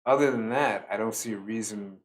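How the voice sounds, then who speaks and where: A tired man giving a slow, reflective solo talk as a spiritual teacher, pausing often with fillers. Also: lowish voice. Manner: slow, musing, with many fillers.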